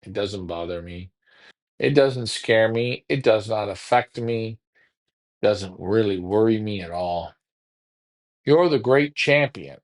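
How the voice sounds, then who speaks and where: A man's voice: on the low side, measured pace, darkish tone. A man hosting a pigeon racing show in casual talk, taunting a rival with repetitive trash talk.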